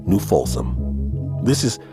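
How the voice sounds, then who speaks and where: A man hosting a podcast, excited and dramatic as he introduces a featured episode over music. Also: sits low, unhurried. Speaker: podcast host. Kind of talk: enthusiastic show introduction. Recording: music bed under voice.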